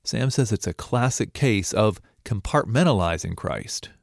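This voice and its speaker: A man's voice: on the low side, animated, measured pace, gravelly, no room sound, clean studio sound. A male reporter narrating a news feature in a conversational way, speaking straight to the listener.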